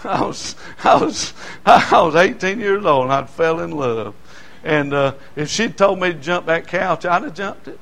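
An older preacher with a high, bright voice. He tells folksy stories from the pulpit in an animated sermon and breaks into shouts. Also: measured pace, creaky. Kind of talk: sermon storytelling.

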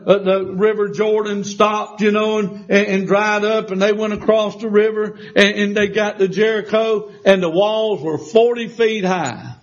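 Preacher telling a folksy testimony. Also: male voice, sits high, steady tone, moderate pace, hardly any pauses. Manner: folksy storytelling, repeats and restarts, acts out quoted voices. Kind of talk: sermon with personal testimony. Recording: dull lo-fi sound.

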